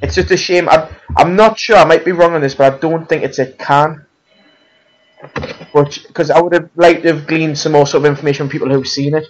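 A man's voice: a little high, fairly even intonation, brisk, dull audio. A man co-hosting a casual film chat, emphatic and often searching for words. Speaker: podcast co-host.

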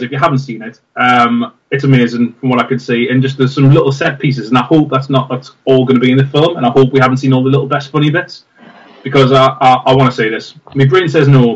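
A man's voice: mid-range voice, steady tone, fast, distant mic, lo-fi sound. A man co-hosting a casual film chat, enthusiastic and rambling with many fillers. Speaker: podcast co-host.

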